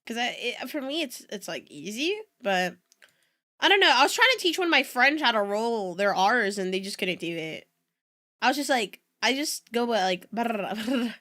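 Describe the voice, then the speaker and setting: Bright, lively young woman streamer. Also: a little high, normal speed. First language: Spanish. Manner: chatty, giggly, rambling asides to chat. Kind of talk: casual reaction-stream chat.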